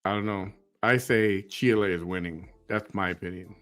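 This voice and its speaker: A man's voice: sits low, normal speed, fairly bright tone. A man hosting the show delivers joking commentary in a teasing voice, mimicking an announcer. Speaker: show host.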